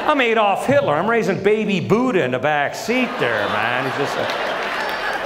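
Animated male stand-up in an echoey theater. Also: sits high, a little slow, over a noisy crowd, very noisy. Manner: animated storytelling, acting out family voices. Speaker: stand-up comedian. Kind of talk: stand-up comedy set. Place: large theater stage. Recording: echoey live theater with audience.

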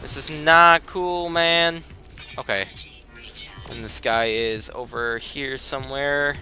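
A man giving casual let's play commentary, breaking into excited outbursts and complaints, then muttering to himself while sorting gear. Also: mid-range voice, slow pace. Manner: self-talk, mutters and trails off while managing inventory. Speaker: gaming commentator. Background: game music.

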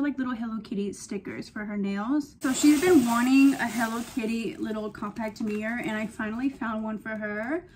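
A woman's voice: on the high side, a little mellow, slight background noise. A young woman in her twenties chatting casually through a haul vlog, gushing and speaking to her viewers directly. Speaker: vlogger.

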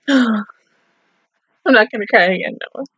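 A woman's voice: on the high side, measured pace, a bit bright, husky, no room sound, muffled recording. A young woman, reacting to an anime episode in casual, emotional talk, swearing and speaking straight to the characters. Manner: emotional, swearing, talking to the screen.

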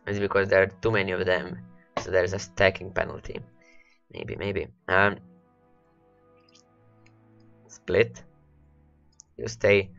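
Low, gravelly-voiced man with worn voice. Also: steady tone, unhurried, long pauses, fairly bright tone, highs cut off, soft background music. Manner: rambling, repeats words, talks to his game units. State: voice worn and cracking from hours of talking. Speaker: let's play host. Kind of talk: rambling gameplay commentary.

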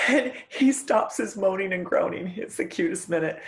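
A middle-aged woman hosting an astrology channel, talking casually to her viewers and telling stories in an earnest, emotional way with dramatic pauses. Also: mid-range voice, lively intonation. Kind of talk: casual talk to camera.

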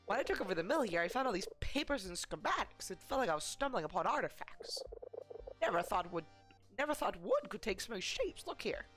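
A woman's voice: medium pitch, very animated, brisk, music in the background, pitched above the performer's own voice, natural voice. A woman voicing an older male mill owner who talks in a folksy, boastful Southern drawl and calls people boy.

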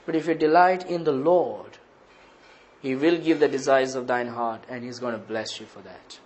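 A pastor with an Indian English accent preaches a sermon, posing rhetorical questions to the congregation and repeating phrases. His mid-range voice is a little mellow and runs at normal speed, on a low-quality recording with slight background noise.

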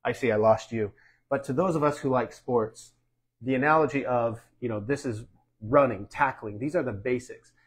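A middle-aged American man preaches in a relaxed, folksy way, leaning on sports comparisons. His voice is husky and sits mid-range for a man. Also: medium pitch, normal speed. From United States. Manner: folksy, uses sports analogies, asks "Amen?". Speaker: pastor. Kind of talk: conversational sermon teaching.

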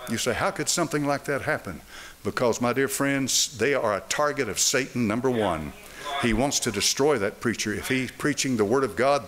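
In a church sanctuary, an older male pastor preaches a sermon, firing rhetorical questions at the congregation. His voice is medium-pitched and a bit bright.

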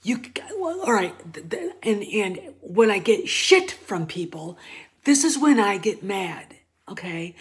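Woman vlogger, unhurried and blunt, casual ranting commentary with sudden loud flare-ups. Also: mid-range voice, big pitch swings. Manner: blunt, profane, drops to murmurs then flares up loud.

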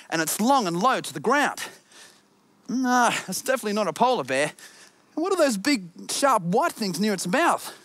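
Giggly animated kids' TV presenter woman. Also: mid-range voice, no room sound. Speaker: children's TV presenter. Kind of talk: children's show narration with songs.

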